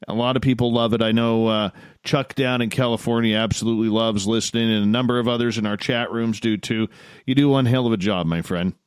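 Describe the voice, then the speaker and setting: A man's voice: on the low side, fairly even intonation, fairly quick, smooth, no room sound, clean studio sound. A man with a Canadian accent hosting a radio show, enthusiastic and playful with callers. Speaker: radio host. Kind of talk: casual radio talk.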